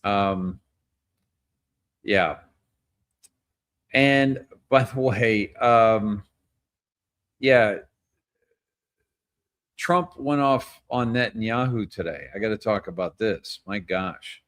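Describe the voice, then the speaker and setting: A man's voice: lowish voice, drawn-out words, long pauses, fairly bright tone. A man hosting his own show in casual political commentary, rambling, blunt and profane, breaking into chuckles often. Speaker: host.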